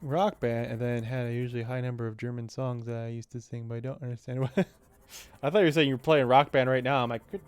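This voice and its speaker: A man's voice: mid-range voice, fairly even intonation, quick pace, clear, resonant tone. A man streaming a game live, chatting casually and swearing as he thinks aloud. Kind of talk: live gameplay commentary.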